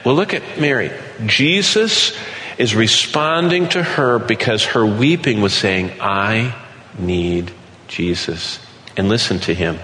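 A man preaching an earnest sermon, slowing down to read scripture aloud. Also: medium pitch, lively intonation, sharp tone. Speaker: pastor. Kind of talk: sermon teaching. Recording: echoey hall with light background noise.

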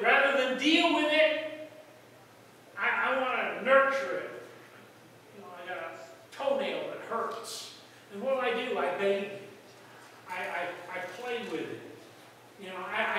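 A man preaching a sermon as pastor, in a folksy storytelling way that jumps into loud outbursts. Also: extremely high pitch, animated, a little slow, pauses often, slight background noise. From United States. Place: church sanctuary. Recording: echoey hall from far off.

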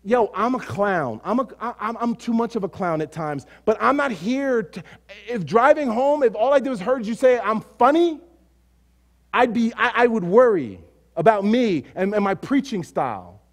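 High-voiced, emphatic male preacher. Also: expressive, moderate pace. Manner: emphatic preaching that swings between loud declarations and quiet, low asides; repeats phrases in rhythmic runs. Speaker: pastor. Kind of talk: sermon.

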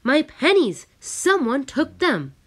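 An earnest young boy raises his voice in urgent distress, his pitch lifting above the narrator's usual low tone. It is a storybook reading where the character's feelings come through clearly. A woman performs the part. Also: a little slow, a bit bright. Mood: upset.

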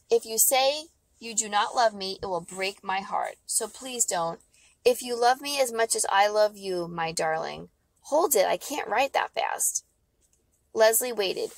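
Woman reading a kids' book aloud, bit of vocal fry, dry close mic. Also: medium pitch, dry recording. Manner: expressive, lively dialogue voices. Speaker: audiobook reader. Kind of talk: storybook read-aloud.

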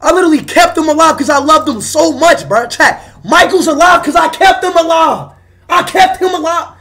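High, loud, excitable young man. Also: moderate pace, creaky. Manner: loud, excitable, shouts and laughs a lot. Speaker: livestreamer. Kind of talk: livestream chat.

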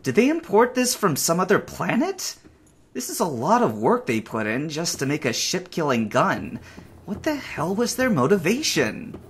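A man voicing a stranded space survivor who mutters to himself in a halting way. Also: a little high, wildly swooping pitch, breathy edge, full character voice. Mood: uneasy. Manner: talks to himself, halting, rising to panicked shouts. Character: stranded male space survivor, anxious and curious. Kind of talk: acted game narration.

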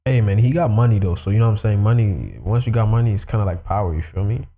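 A man's voice: fairly low pitch, lively intonation, quick pace, dark tone, slightly rough. A man hosting a music reaction video in casual, slangy talk, full of fillers. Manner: loose slangy talk, constant "you know what I'm saying" fillers. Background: hip hop music.

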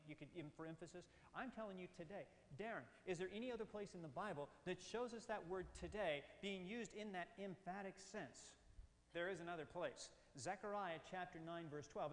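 A man preaching an emphatic seminar sermon, often putting questions to his audience. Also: high-pitched. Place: hall with audience. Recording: long hall reverb.

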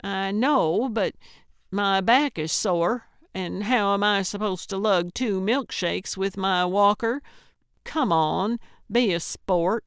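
A woman's voice: medium pitch, takes it slowly, clean tone, dry recording, clean studio sound. A woman narrator voicing a stubborn, cranky elderly woman with a walker, bossy and wheedling, who hollers when annoyed. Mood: coaxing.

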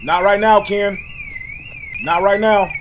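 A man hosting his gaming channel, giving jumpy, loud commentary on a horror game, swearing and yelling at every scare, his voice hoarse from screaming. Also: high voice, fairly even intonation, slow, noisy background.

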